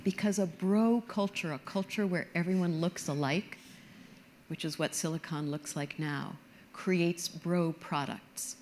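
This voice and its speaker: A woman's voice: fairly low pitch, measured pace, darkish tone, a little hiss or hum. A middle-aged woman giving a conference talk, explaining earnestly and with emphasis. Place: stage before an audience.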